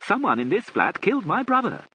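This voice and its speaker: A man's voice: high voice, wildly swooping pitch, a little fast, bright, forceful tone, slight background noise, pitched above the performer's own voice, full character voice, poor audio. Cast: man doing a flustered lordly father, pleading, prone to sudden outbursts. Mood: agitated. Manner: agitated, pleading, bursts of sudden violence. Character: aristocratic father, older man, harried and anxious.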